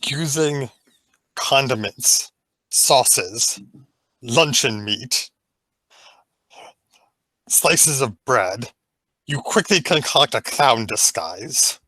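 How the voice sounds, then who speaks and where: Slow, bright-voiced man narrating a game. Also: medium pitch, lively intonation, dry recording, low-quality recording. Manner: playful, halting storyteller with restarts. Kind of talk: improvised story narration in a game.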